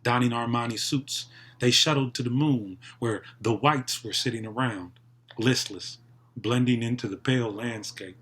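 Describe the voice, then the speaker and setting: Man, poetry reading, middle pitch, deliberate pacing, sharp pauses. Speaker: poetry reader.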